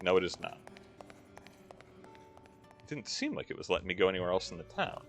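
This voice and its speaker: Host, lively low voice, dry humor, faint game music behind. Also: male voice, brisk, gravelly. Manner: wry, rambling, history asides. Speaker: let's-play host. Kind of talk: casual gameplay commentary.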